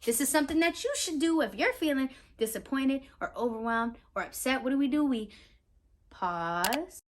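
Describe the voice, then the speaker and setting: A woman reading a picture book aloud to young children as their teacher, animated and talking straight to her listeners with questions. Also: high-pitched, a little fast, slight background noise. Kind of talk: children's read-aloud lesson.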